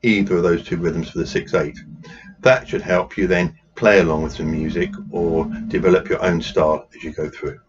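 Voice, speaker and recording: A man's voice: low-pitched, fairly even intonation, normal speed. A man running a drumming workshop, patiently explaining rhythms and counting beats aloud while he plays. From England. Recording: dull lo-fi sound with noise.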